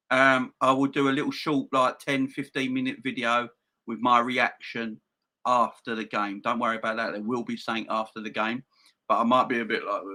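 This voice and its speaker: Loud, bright-voiced ranting man. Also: mid-range voice. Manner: loud, excitable, sweary ranting. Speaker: football channel host. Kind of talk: ranting fan vlog.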